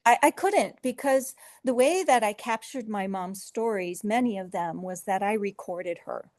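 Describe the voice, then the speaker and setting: A woman's voice: mid-range voice, moderate pace, dry recording, studio quality. A middle-aged woman, an author being interviewed, telling her story earnestly and with feeling. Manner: earnest, emotional, with soft laughs and filler restarts. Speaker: author guest.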